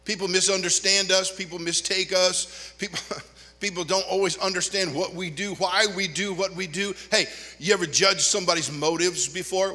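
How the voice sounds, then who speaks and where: An older male pastor preaching in a church, his high, sharp voice animated and full of joking asides. It rings with a long reverb from the sanctuary. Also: normal speed. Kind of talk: sermon.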